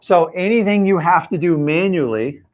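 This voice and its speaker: A man coaching his audience on a live stream, with a voice pitched somewhat high for a man. He talks straight at the viewers, pressing each point with blunt emphasis. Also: normal speed, a little mellow. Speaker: real estate coach.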